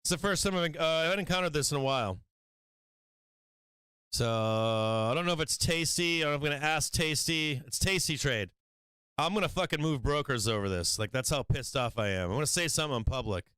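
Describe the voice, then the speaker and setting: A man's voice: a little high, fairly quick, pushed and bright, clear, resonant tone, dry recording. A man hosting a stock trading live stream, talking casually, swearing and venting frustration about his trades.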